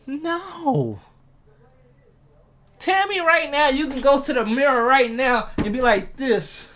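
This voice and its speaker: A man giving a casual motivational talk to viewers. He uses street slang, asks them questions and gets hyped, with big jumps in pitch. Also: big pitch swings, slow pace, long pauses, fairly bright tone, a little hiss or hum. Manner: talks straight to viewers, asking questions. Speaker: motivational vlogger.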